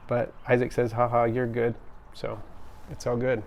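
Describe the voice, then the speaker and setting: This livestream host talks at normal speed in a medium-pitched voice with vocal fry and a completely flat delivery, with slight background noise. Filmed at home on a tripod camera, his casual pet stream has him chatting upbeat with viewers and reading comments through frequent ums and restarts.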